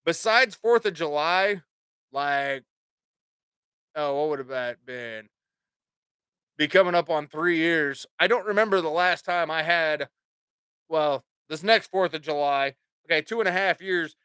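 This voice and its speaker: A man's voice: fairly high pitch, a little slow, pauses often, pushed and bright, clean tone, no room sound, clean studio sound. A man hosting his own podcast, rambling casually with plenty of swearing and jokes. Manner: profane, rambling, jokey. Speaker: podcast host.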